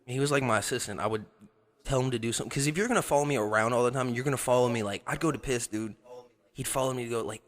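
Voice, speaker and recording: Very fast and mid-range in pitch, a young man's voice carries crude, profane storytelling as he co-hosts a podcast, laughing a lot as he goes.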